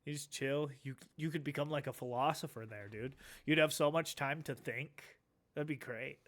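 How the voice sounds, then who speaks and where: Chill streamer dude, laughs a lot, swears, kinda high voice. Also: male voice, moderate pace, fairly bright tone. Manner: laid-back, swears a lot, laughs often. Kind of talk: casual stream reaction.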